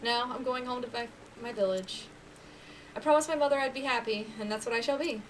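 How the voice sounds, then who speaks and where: A woman's voice: on the high side, brisk, recorded from a distance, a little hiss or hum, close to an everyday voice, low-quality recording. A woman voicing an earnest young woman in a video game, reading formal, old-fashioned dialogue. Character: young woman reunited with her mother, earnest.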